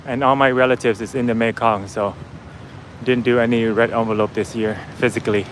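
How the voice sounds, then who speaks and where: A man's voice: mid-range voice, fairly even intonation, fairly quick, noisy background. A man vlogging casually as he walks outdoors, chatting with his viewers and laughing easily. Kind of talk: casual walking vlog. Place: outdoors on a busy city street.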